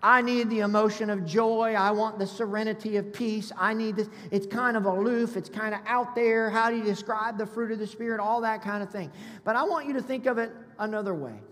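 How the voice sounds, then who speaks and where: A man's voice: high voice, a little fast, a bit bright. A man preaching a sermon as pastor, conversational and calling on the congregation to respond. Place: church sanctuary. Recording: long reverb of a large hall.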